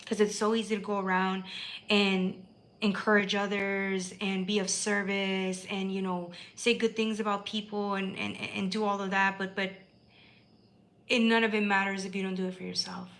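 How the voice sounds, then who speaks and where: A woman's voice: mid-range voice, little pitch movement, normal speed, fairly bright tone, poor audio. A woman giving a tarot reading on a live stream, talking in an emphatic, emotional way and swearing freely. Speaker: tarot reader.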